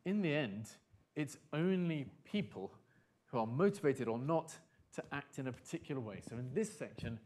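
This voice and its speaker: A man giving a conference talk, animated and emphatic, repeating his key phrases for effect. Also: medium pitch, a little hiss or hum. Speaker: conference speaker.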